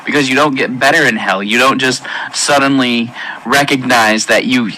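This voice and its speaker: A man giving an emotional personal testimony in an earnest, halting way, with many pauses and restarts. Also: mid-range voice, bright, forceful tone, low-quality recording. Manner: intense, pleading delivery. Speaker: testimony speaker.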